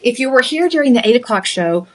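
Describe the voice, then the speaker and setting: A middle-aged woman hosting a live TV shopping show, pitching products in a chatty, upbeat sales manner from a studio. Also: very animated, fast, noisy background. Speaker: home shopping host.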